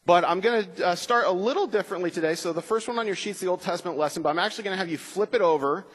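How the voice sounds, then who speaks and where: A man's voice: high voice, husky. Man teaching Bible class in echoing gym. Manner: relaxed, frequent uh fillers, slows for scripture reading. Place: school gym with bleachers. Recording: long reverb of a gym.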